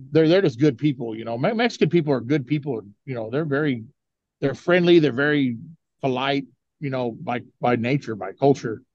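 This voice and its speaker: A man's voice: mid-range voice, darkish tone, no echo, highs cut off. A man guesting on a podcast, telling stories in casual chat, swearing a lot, laughing often and filling with "you know". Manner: profane, laughing, heavy use of "you know".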